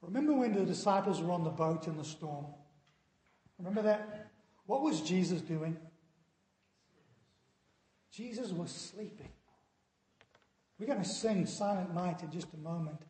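A man's voice: high voice, lively intonation, a little slow, long pauses, warm tone. A male pastor preaching a sermon in a church, earnestly putting questions to the congregation. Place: church sanctuary. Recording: echoey hall with long reverb.

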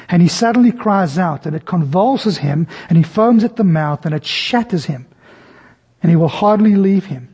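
A man's voice: mellow, slightly rough. A man preaching a sermon, telling the scene as a story and acting out the voices in it. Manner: storytelling, acts out scenes with varied pitch. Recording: long hall reverb.

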